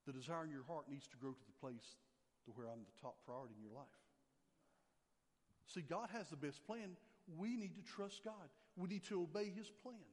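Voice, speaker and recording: An older man preaching a sermon, emphatic, repeating key phrases and dropping his voice low for scripture. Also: normal speed. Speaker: pastor. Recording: long hall reverb.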